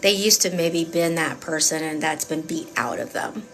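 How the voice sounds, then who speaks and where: A woman's voice: low voice, moderate pace, a bit bright, soft background music. Chatty woman reading tarot live. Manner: chatty, emphatic, rambling with many fillers. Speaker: tarot reader.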